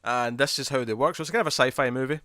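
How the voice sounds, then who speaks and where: A man's voice: medium pitch, quick pace, sharp tone, no echo, studio quality. A man co-hosting a podcast, chatting casually and rambling about movie trailers with lots of restarts. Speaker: podcast co-host.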